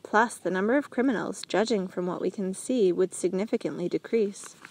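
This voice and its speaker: A woman's voice: medium pitch, brisk, slight background noise, natural voice. A woman voicing a proud male prison warden in an audiobook, explaining things in a matter-of-fact way. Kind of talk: audiobook character reading.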